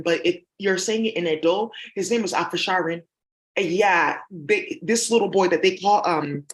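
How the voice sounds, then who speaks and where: A woman vlogger talking straight to her viewers in a rambling, accusatory monologue full of ums and uhs. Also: medium pitch. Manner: rambling and accusatory, heavy with fillers. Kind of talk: rambling direct-to-camera monologue.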